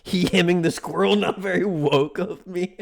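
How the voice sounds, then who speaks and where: A male streamer with a slightly higher voice, talking casually to his chat. He rambles through stories in an animated way, breaking into laughter often and mocking himself as he answers his viewers. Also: moderate pace, gravelly.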